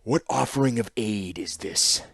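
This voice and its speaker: A man voicing a stern, commanding older warlord who speaks grimly and forcefully. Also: on the low side, creaky, slightly rough, no room sound, full character voice. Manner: grim, slow and forceful.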